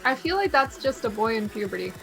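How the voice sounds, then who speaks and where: A woman's voice: fairly high pitch, big pitch swings, fast, creaky, fairly bright tone, faint music behind. A woman co-hosting a live art battle stream, blunt and playfully sarcastic. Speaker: co-host commentator.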